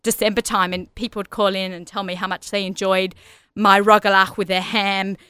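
A woman in her forties from Australia, her accent softened by years in America, hosting a radio show with chatty enthusiasm. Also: mid-range voice, flat delivery, normal speed, clear, resonant tone, dry recording. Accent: Australian, softened by long US residence. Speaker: radio show host and personal chef. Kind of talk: solo radio show introduction.

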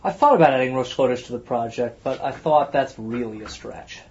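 A man's voice: mid-range voice, brisk, darkish tone. A man hosting a casual chat, thinking aloud as he talks. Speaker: podcast host. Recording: muffled lo-fi recording.

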